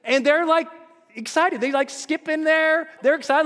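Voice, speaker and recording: A very high-pitched male motivational speaker recounts a story during a keynote at normal speed. Bursting with energy, he acts out voices and screams, heard through live hall reverb and faint background noise.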